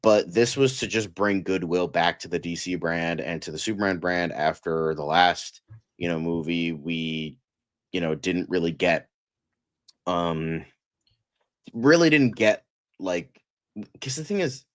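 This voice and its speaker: A man's voice: sits low, a little slow. A man co-hosting a casual live-stream chat, rambling with lots of fillers and frequent swearing. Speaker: co-host.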